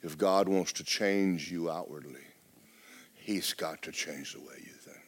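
Pastor guy preaching in church, lowish voice, loud and lively, drops real quiet sometimes. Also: a little slow, a little hiss or hum. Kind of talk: sermon.

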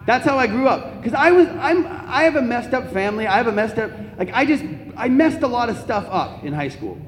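High-voiced man telling funny stories in a hall. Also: a little fast, a little hiss or hum. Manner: animated, comic storytelling with laughs. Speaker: Catholic speaker. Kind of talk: storytelling talk to an audience. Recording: echoey hall, faint ambience.

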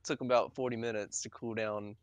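A man's voice: fairly low pitch, level tone, brisk, dry recording. A young man telling a rambling, profanity-laced story to friends, laughing as he goes. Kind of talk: casual storytelling among friends.

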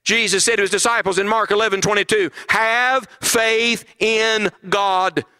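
A man's voice: sits high, fairly even intonation, unhurried, sharp tone, clean tone. A middle-aged man preaching a sermon at a conference, emphatic and full of rhetorical questions.

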